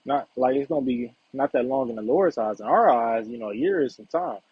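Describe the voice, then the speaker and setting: A man's voice: mid-range voice, fairly quick, breathy edge, no room sound. A man giving a casual Bible lesson in a conversational way, often checking in with "right?" and "all right". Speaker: Bible teacher. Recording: dull lo-fi recording.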